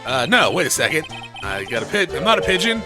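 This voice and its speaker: A man's voice: a little high, big pitch swings, fast, over music. A man reading an earnest young lawyer.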